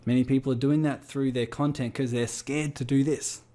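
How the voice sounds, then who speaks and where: A man's voice: mid-range voice, steady tone, normal speed, dark tone. A man with an Australian accent leading a group coaching call over a video call, firing rhetorical questions at his listeners. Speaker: business coach.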